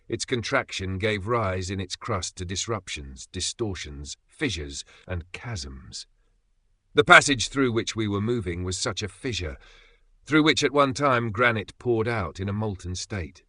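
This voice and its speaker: Bright-voiced male audiobook narrator. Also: on the low side, expressive, measured pace, dry recording.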